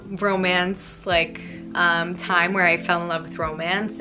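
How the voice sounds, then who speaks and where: A young woman vlogging about books in a casual, rambling way, full of fillers and quick emotion. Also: lowish voice. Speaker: book YouTuber. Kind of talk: casual chatty vlog.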